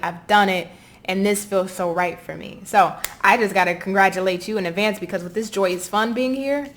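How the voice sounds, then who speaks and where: A tarot reader with a Southern US accent speaks straight to her viewers, offering a casual, encouraging reading. Her voice is medium-pitched and a bit bright.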